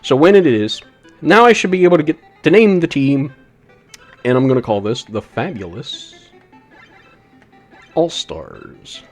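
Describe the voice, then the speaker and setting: Male gaming streamer, casual self-deprecating chatter, animated intonation, faint game music underneath. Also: a little high, unhurried, pauses often. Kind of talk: casual live-stream commentary.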